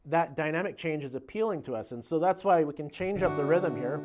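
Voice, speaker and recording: A man giving a casual guitar lesson in a relaxed, conversational way, counting beats aloud as he explains. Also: a little high, brisk. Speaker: guitar teacher. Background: guitar playing.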